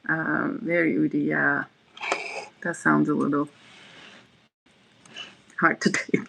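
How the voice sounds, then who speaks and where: Chatty livestream host with vocal fry. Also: medium pitch, flat delivery, slow pace, pushed and bright, poor audio. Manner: chatty, rambling, reads chat messages aloud; frequent fillers and restarts. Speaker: livestream host reading chat. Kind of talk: casual chat livestream.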